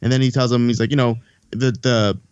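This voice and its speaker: A man's voice: medium pitch, fairly even intonation, fairly quick, darkish tone, clear, resonant tone, dry recording, muffled recording. A man recapping a movie in a casual podcast chat, rambling and swearing freely while acting out the characters' lines.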